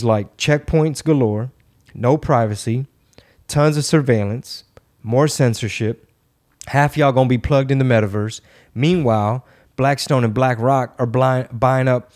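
A man's voice: mid-range voice, a little mellow. A man hosting a podcast, chatting casually in a sarcastic, ranting way. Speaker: podcast host. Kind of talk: casual chat.

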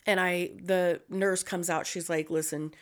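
A woman's voice: lowish voice, unhurried. A woman telling a story in casual chat, swearing a lot and acting out the voices of the people in it. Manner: profane, animated storytelling; acts out quoted voices.

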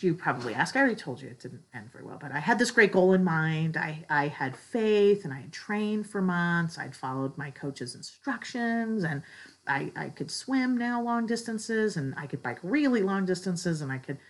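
A woman's voice: lowish voice, sing-song, normal speed, low-quality recording. A woman giving an earnest, heartfelt faith talk that moves from a personal story to a spiritual lesson. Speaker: church speaker.

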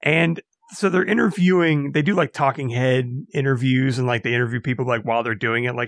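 A man's voice: mid-range voice, normal speed, few pauses, fairly bright tone, no room sound. A man co-hosting a podcast, chatting casually and rambling with lots of filler words. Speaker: podcast co-host. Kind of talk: casual chat.

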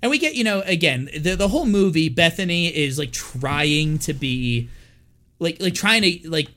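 A man co-hosting a horror podcast, recapping a movie in casual chat, animated and swearing a lot as he acts out the characters. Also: fairly high pitch, moderate pace. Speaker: podcast co-host.

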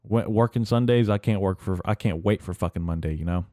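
A man's voice: lowish voice, brisk, dark tone, dry recording, studio quality. A man hosting a casual solo podcast, rambling and swearing heavily as he rants, full of fillers and restarts. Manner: profane, rambling, heavy swearing; filler-heavy, restarts often. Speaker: podcast host.

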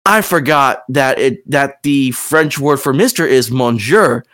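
A man's voice: mid-range voice, expressive, measured pace, fairly bright tone. A man with a Southern US accent hosting a casual podcast chat, rambling with many fillers and restarts. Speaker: podcast host and game master.

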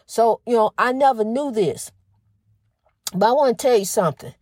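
Fast-talking woman host with a stutter. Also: fairly high pitch, a little mellow, no echo, studio quality. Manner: fast talker with a slight stutter, restarts often; folksy and emphatic, says "honey" often. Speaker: host of a faith-based talk program. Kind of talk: casual spiritual monologue.

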